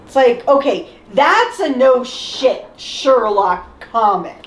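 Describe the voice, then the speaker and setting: A woman co-hosting a casual group discussion, chatty and animated, often breaking into laughter. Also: fairly high pitch, takes it slowly. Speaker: podcast co-host. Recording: roomy echo.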